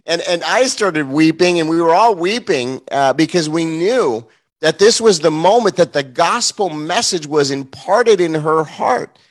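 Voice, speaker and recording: Earnest preacher man, slightly higher voice. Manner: earnest, emotional storytelling with many fillers and restarts. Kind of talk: morning sermon to a congregation.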